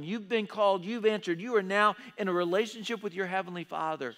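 Male pastor, high voice, lively sermon delivery, long church-hall reverb. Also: fairly quick, few pauses. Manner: animated preaching, acts out listeners' voices. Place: church auditorium.

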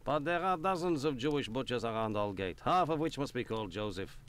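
A man's voice: mid-range voice, expressive, fairly quick, fairly bright tone, clear, resonant tone, lightly acted. A man playing a guarded, earnest shopkeeper. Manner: earnest, explanatory. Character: Jewish man in Victorian London, guarded and earnest. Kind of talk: video game voice acting.

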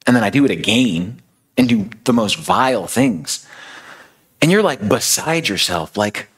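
A man's voice: fairly low pitch, lively intonation, unhurried, slightly rough, pitched above the performer's own voice. A man voicing a young woman who has fallen back into sin and is baffled and desperate. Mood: exasperated. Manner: pleading, exasperated questioning.

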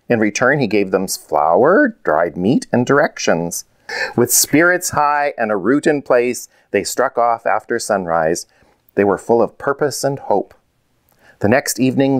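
A man, the author, reading his children's storybook aloud in a measured, clear way. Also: mid-range voice, dry recording.

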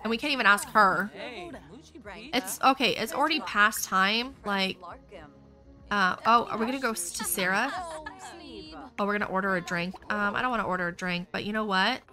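A woman hosting a gaming video, talking through her play in a chatty, excitable way as she thinks aloud to viewers. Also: medium pitch, fairly quick, over music. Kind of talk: casual let's-play commentary.

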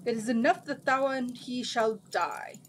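A stern giant djinn thunders his archaic threats, loud and grand, as a woman reader puts him on. He sounds like a villain from a storybook. A faint hiss sits under the voice. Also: on the high side, measured pace, close to an everyday voice, low-quality recording. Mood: booming.

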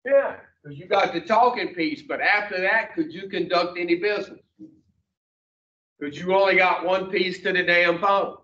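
A man's voice: high voice, a bit bright. A man, teaching a recovery class in a blunt, folksy way with mild swearing. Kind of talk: plain-spoken class talk. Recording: echoey, distant, dull room recording.

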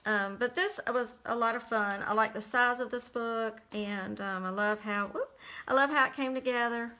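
A woman casually talking through a handmade journal she made, chatty and relaxed with lots of little fillers. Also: on the high side, normal speed. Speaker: crafter showing a handmade journal. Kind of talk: casual flip-through narration.

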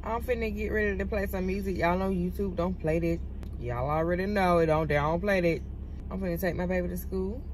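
A woman's voice: lowish voice, brisk, darkish tone, slight background noise, rough recording. A mother vlogging from her car, rambling casually and talking straight to her viewers. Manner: chatty and rambling, keeps addressing viewers. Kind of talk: casual vlog chat. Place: inside her parked car.

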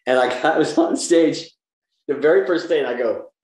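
A man's voice: a little high, a little fast. A man in his seventies, an actor being interviewed over a video call, telling stories animatedly and acting out the people he quotes. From American South. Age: 70s. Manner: animated anecdote teller who acts out quoted voices. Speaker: actor guest. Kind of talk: casual interview storytelling. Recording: roomy echoey room.

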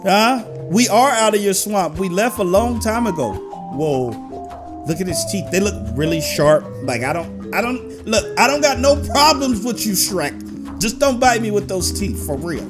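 A young man giving playful, excitable commentary on a video game, joking, shouting and singing little bits as he plays. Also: sits high, moderate pace. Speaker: gaming YouTuber. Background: game music.

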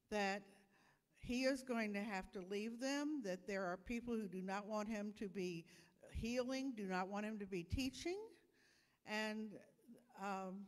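A woman telling a children's sermon, animated and explaining things for little kids, in a church sanctuary. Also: medium pitch. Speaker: children's message speaker. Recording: long church reverb.

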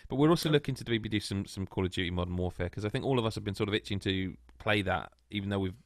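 A man hosting a casual gaming podcast, talking in a loose, teasing way and happily swearing as he ribs his co-hosts. His voice sits on the low side. The sound is dry and close, with no room echo. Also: very fast. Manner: chatty, teasing, swears freely. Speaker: podcast host.

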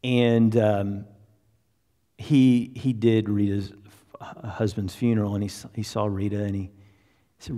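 A pastor tells a story from the pulpit in a relaxed, conversational way, acting out the people in it. His voice sits on the low side for a man. The sound carries a long reverb from a large church hall. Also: a little slow, long pauses. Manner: conversational, anecdotal, acts out quotes. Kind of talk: sermon storytelling.

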